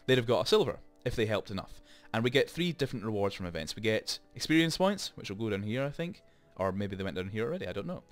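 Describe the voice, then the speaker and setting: A man's voice: on the low side, no room sound. A man hosting a let's play, chatting and rambling through explanations with lots of asides, into a desk microphone. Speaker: gaming channel host.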